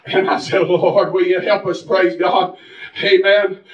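A man preaching a fervent sermon, climbing into shouts and punctuating his lines with "uh" and "amen". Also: sits high, level tone, a little slow, reverberant, distant mic, lo-fi sound. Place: church.

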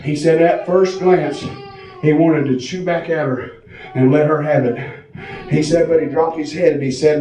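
A man preaching a fiery sermon in a church, shouting in a sing-song preaching cadence. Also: a little high, lively intonation, moderate pace. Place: church sanctuary. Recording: echoey church from far off.

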